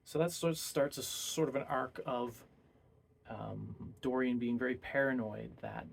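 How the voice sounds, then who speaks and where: A man's voice: medium pitch, a little slow, gravelly, slight background noise. A man casually retelling a novel's plot as a book reviewer, rambling and full of hesitant fillers.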